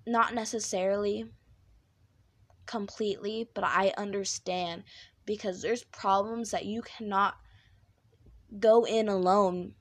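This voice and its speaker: A young woman hosting a podcast, talking candidly in a rambling monologue with a high-pitched, squeaky voice. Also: fairly even intonation, takes it slowly, pauses often, no echo. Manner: candid, rambling with fillers and restarts. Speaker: podcast host.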